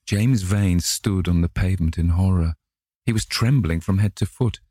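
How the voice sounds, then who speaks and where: A man narrating a classic novel in a measured, dramatic reading. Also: low voice, warm tone, husky, dry recording, studio quality. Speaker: audiobook narrator.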